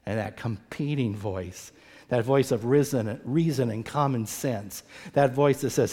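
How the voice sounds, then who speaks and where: A man preaching an earnest sermon, often repeating words as he goes and acting out quoted voices with big swings in pitch. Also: a little slow, a little mellow, breathy edge. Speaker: pastor. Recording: long hall reverb.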